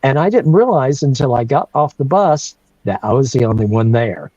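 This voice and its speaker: A North Carolina man in his sixties, appearing as a guest, tells a story from his childhood in a relaxed, lively way, laughing often and starting over frequently. His voice is medium in pitch and his pace moderate. The recording is lo-fi with no echo.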